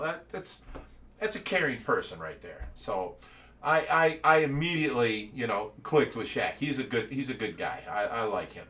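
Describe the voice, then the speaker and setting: A man's voice: medium pitch, a little slow, recorded from a distance. A man from Ohio hosting a casual live-stream chat, telling stories with lots of energy and frequent laughter. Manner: animated storytelling, laughing often. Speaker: show host.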